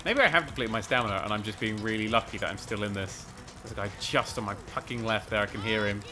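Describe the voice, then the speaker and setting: A man commentating a video game race, excitable and sweary, rambling and mocking himself, a little out of breath. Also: lowish voice, fast, soft background music. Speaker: gaming commentator. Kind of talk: let's play commentary.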